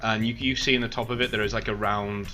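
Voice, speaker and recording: A man's voice: on the low side, fairly even intonation, fast, bright, forceful tone, soft background music, low-quality recording. A man narrating as game master over an online voice call, rambling with lots of filler words and laughter.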